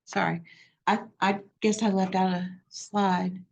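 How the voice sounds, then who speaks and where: A woman's voice: mid-range voice, flat delivery, takes it slowly, creaky, muffled recording. A woman presenting on genealogy at a library, in a chatty, digressive way with many fillers.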